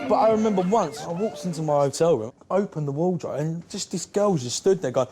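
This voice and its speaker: Animated pop singer telling stories. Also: male voice, fairly high pitch, fairly quick, few pauses, heavy background noise. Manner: animated storytelling, acts out quotes. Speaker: pop band member. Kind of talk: interview. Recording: music under interview.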